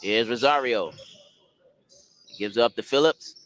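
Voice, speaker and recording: A man calling basketball play-by-play, brisk and excitable as he follows the action. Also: medium pitch, low-quality recording. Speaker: play-by-play announcer.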